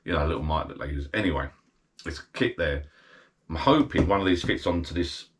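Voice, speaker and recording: A man's voice: rumbling low, fairly quick. A middle-aged British man chatting casually while he unboxes a gadget, rambling and thinking aloud as he goes. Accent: British English.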